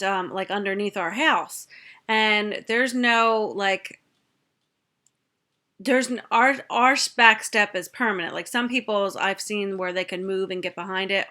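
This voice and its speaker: A woman's voice: medium pitch, bright, forceful tone. A young woman, a mother, chatting through a family story in a casual storytime, with plenty of fillers and acted-out quotes.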